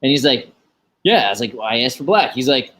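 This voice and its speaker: Lively, laughing male podcast co-host. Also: mid-range voice, fairly quick. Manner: animated, laughs often, loose storytelling. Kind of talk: casual chat.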